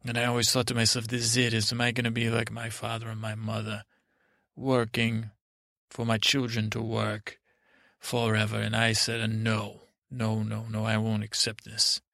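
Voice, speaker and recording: An earnest self-made man recalls his hard beginnings, slow and reflective, as a man voices him. The voice is gravelly and level, with little rise or fall. It is recorded close and dry. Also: fairly low pitch, completely flat delivery, sharp tone, no room sound. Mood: determined.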